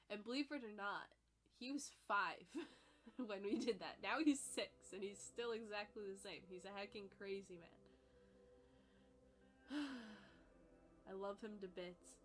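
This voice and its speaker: In a mid-range, slightly bright voice, a young woman offers rambling, giggly reaction commentary on her own dog competition video. She keeps it casual and fills it with filler words.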